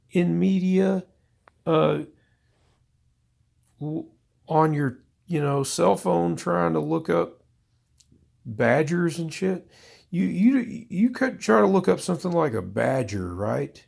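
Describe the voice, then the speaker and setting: A man's voice: fairly high pitch, creaky, darkish tone, husky. A man delivering a profane, exasperated, rambling comedic rant to his viewers. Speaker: vlogger.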